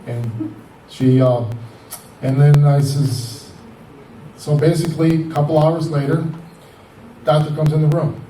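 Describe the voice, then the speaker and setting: A man in his fifties gives a personal testimony in a loose, conversational way, retelling back-and-forth conversations as he goes. His voice is mellow and sits back from the mic, with noticeable room echo. A faint hiss runs underneath. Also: on the high side, little pitch movement, unhurried, long pauses, distant mic. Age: 50s. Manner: rambling, conversational, retells dialogue with "I says" and "he goes". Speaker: patient telling his story.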